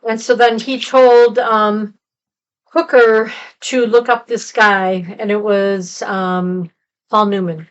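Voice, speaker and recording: A woman's voice: mid-range voice, flat delivery, slow pace, clear, resonant tone, highs cut off. Rambling woman recapping a film. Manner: rambling plot recap with fillers. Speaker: podcast co-host. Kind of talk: casual movie review chat.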